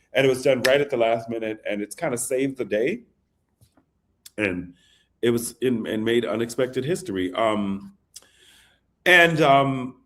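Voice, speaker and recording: Male songwriter guest, lively storyteller, mid-pitched voice. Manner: animated, recites lyrics softly. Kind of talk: storytelling interview.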